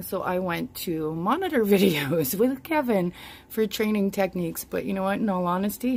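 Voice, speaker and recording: A woman's voice: medium pitch, vocal fry, slight background noise. A woman filming a casual vlog at home on a handheld camera, chatting to viewers and cooing to her pet. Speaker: reptile keeper vlogger. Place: home bedroom.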